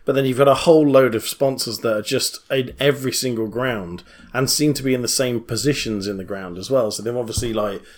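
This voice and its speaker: A man's voice: medium pitch, fairly quick, few pauses. Male co-host, casual and meandering, giggles at his own gags. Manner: rambling, many fillers and restarts; laughs at own jokes. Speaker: podcast co-host. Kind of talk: casual chat.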